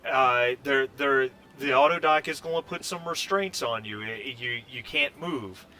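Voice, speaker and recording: A man playing a calm, firm woman doctor. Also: medium pitch, a little slow, a little hiss or hum. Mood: instructing. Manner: calm, instructing.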